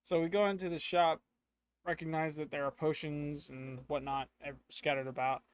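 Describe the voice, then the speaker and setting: Slightly high-voiced man narrating his own solo tabletop adventure, thinking aloud. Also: level tone, moderate pace, clear, resonant tone, no echo.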